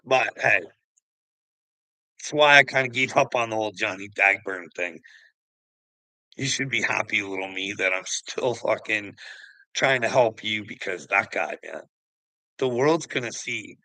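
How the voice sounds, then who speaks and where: Guy, low gravelly edge, bright and forceful, ranting with curses. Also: measured pace, long pauses, dry recording, poor audio. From Canada. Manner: angry, swearing, laughing scornfully. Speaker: vlogger. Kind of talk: profane ranting commentary.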